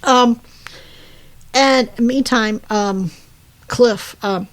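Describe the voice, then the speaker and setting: A woman's voice: on the high side, very slow. A woman casually recapping a movie plot, rambling with fillers, self-corrections and laughing asides. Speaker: podcast co-host.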